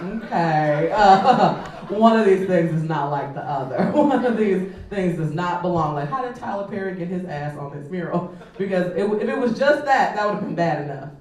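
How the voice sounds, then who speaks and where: Animated woman in an echoey club. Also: lowish voice. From Chicago. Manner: animated, swearing, conversational with many fillers. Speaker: stand-up comedian. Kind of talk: stand-up comedy set. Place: comedy club stage. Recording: echoey club from a distant mic.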